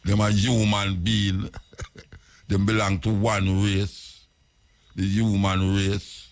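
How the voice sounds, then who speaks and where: Slow gravelly Jamaican radio host. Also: male voice, fairly low pitch, little pitch movement. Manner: rhetorical questioning, lecturing. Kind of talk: radio talk monologue.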